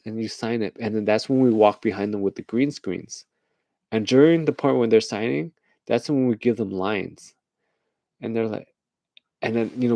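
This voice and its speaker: A man talks through a late-night casual rant, rambling from one idea to the next and laughing at his own jokes. His voice sits low and gravelly, with a mellow, dark tone. The sound is dry and close, with no room around it. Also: no echo. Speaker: host.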